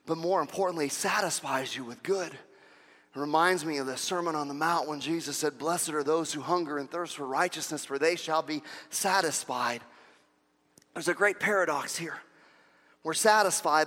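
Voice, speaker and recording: A man preaching in a church, his voice high-pitched and bright. He swings from loud, urgent declarations down to soft, hushed asides. The sound carries a long reverb from the hall around him. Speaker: pastor. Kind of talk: sermon.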